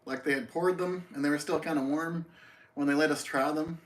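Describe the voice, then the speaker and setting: A man's voice: on the high side, fairly even intonation, a little fast. A man with an East Tennessee accent hosting a casual livestream, greeting viewers by name. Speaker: livestream host. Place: outdoors by a tree. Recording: roomy echo.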